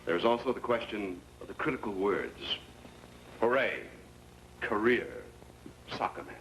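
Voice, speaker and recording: A confident defense lawyer delivering a closing argument, pressing each point with repeated rhetorical questions. His voice sits low but rises and falls widely. Old TV sound with a soft hiss behind him. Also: animated, rough recording. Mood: persuasive. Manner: measured, rhetorical, emphatic questions. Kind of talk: 1960s TV courtroom drama.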